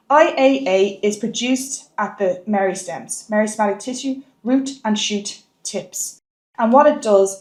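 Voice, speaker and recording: A woman's voice: mid-range voice, reverberant. A woman teaching a biology exam lesson, stressing key words and repeating points for the marks. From Ireland.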